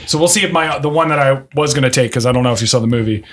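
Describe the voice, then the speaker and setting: A man's voice: medium pitch, racing, fairly bright tone. A man co-hosting a podcast in casual comedic chat, laughing often and chiming in with short agreeing replies. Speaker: podcast co-host.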